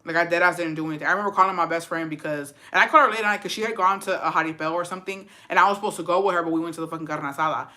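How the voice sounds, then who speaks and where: A woman's voice: fairly low pitch, fairly even intonation, rapid-fire, few pauses, sharp tone. A woman casually telling a story on her livestream, brash and profane, slipping Spanish phrases into her English. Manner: brash, profane and sassy, calling listeners "bitch" and "besties". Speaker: livestream host.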